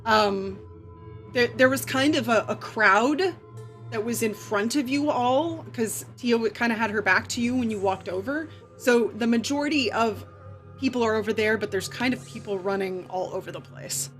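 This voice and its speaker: A woman's voice: on the high side, normal speed, fairly bright tone, faint music behind. A woman narrating as game master of a live horror tabletop game, chatty and loose with many fillers and restarts.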